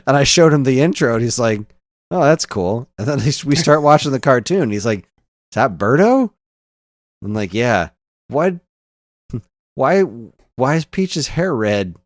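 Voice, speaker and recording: A man's voice: medium pitch, big pitch swings, a little slow, long pauses, no echo, studio quality. A man in his thirties co-hosting a podcast, chatting in an easygoing way and laughing often. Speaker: podcast co-host. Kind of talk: casual chat.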